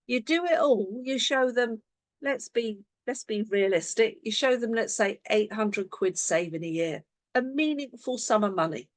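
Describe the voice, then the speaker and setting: Brief: woman, sales coach on a video call, lively up-and-down delivery, close dry sound. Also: fairly high pitch, unhurried, no room sound. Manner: animated, acts out sample conversations. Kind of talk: online team coaching session.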